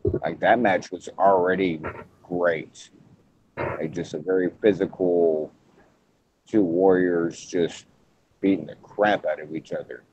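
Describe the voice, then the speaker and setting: A man hosting a casual wrestling podcast, talking in halting bursts with frequent restarts. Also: deep voice, fairly even intonation, darkish tone, slight background noise. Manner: halting, restarts often, hedges before points. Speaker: podcast host. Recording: muffled lo-fi podcast audio.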